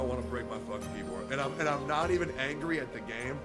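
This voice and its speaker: A young adult male streamer talks into a headset in his own cluttered room. He vents in a heated, profanity-packed rant at an ordinary middle pitch, and game music runs behind him. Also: quick pace. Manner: angry, heavily profane venting. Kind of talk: casual livestream rant.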